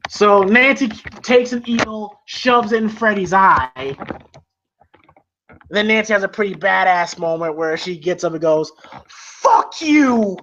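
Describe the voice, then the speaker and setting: A man's voice: high voice, pushed and bright. Rambling male movie-review host. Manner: rambling with many fillers and restarts, laughs often. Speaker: podcast host. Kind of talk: casual movie review chat. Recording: dull lo-fi with faint hiss.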